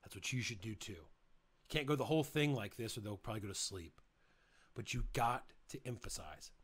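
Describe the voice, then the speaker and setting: Energetic man with a bright voice. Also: fairly low pitch, moderate pace, husky. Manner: energetic, rambling, varies pace for emphasis. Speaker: project management instructor. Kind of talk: casual motivational lesson.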